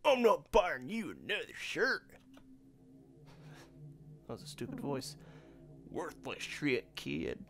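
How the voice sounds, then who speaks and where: Gruff scornful father in a game, slow contemptuous barks, put on by a man. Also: fairly high pitch, sing-song, over music, heavily acted.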